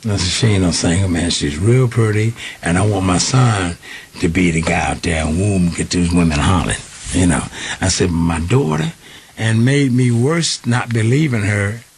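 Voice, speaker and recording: An older man with a low voice tells animated stories in a radio interview, switching into the voices of the people he quotes. A faint hiss sits under the recording. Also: normal speed. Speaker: interview guest, singer.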